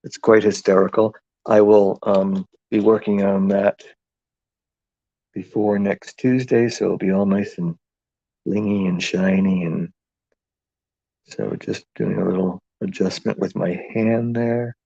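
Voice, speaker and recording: Slow, gravelly man with a New England accent. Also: lowish voice, steady tone, dark tone, no echo, highs cut off. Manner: rambling, jokey, thinks aloud while working. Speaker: craft livestream host. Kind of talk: casual live craft demonstration.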